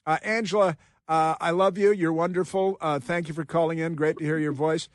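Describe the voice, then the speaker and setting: A man's voice: on the high side, steady tone, fairly quick, no room sound, clean studio sound. A man hosting a political talk radio show, emphatic and rambling, laughing often. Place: radio studio. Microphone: studio microphone.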